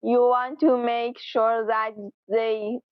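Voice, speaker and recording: A woman explains English phrases slowly and patiently, pronouncing each word with care. Her voice sits high, and the recording is dry and close with a slightly muffled top end. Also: little pitch movement, no room sound. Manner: patient, carefully enunciated explanations with acted example phrases. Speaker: English teacher. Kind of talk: slow, clear vocabulary lesson. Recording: dry, slightly dull sound.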